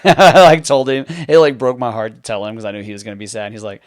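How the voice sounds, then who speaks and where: A man's voice: mid-range voice, lively intonation, fast talker, hardly any pauses, no echo, studio quality. A man in his thirties from Texas, hosting a podcast in a chatty, storytelling way and laughing easily. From Texas, near Houston. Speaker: podcast host. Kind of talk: casual conversation.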